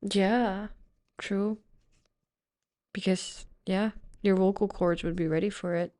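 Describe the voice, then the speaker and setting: A young woman from Estonia with an Estonian accent, co-hosting a casual podcast chat; soft-spoken and reasoned. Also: mid-range voice, steady tone, slow. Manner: soft-spoken, reasoned, self-described introvert. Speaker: podcast co-host.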